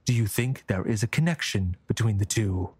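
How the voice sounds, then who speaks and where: A man voicing a stern but caring woman leader in a calm, measured way. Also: fairly low pitch, husky, no echo. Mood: probing.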